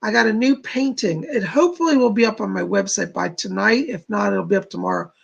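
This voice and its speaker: Male livestream host, rough gravelly voice, breathy edge, chatty and rambling, reads chat aloud. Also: sits high, a little fast, lo-fi sound. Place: home studio.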